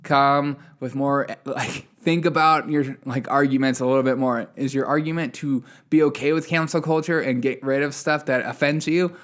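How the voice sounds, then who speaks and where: A man's voice: medium pitch, fairly even intonation, normal speed, hardly any pauses. Guy doing a solo news podcast, snarky ranty tone, chuckles a lot. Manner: sarcastic, ranting, laughs at the news. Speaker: podcast host.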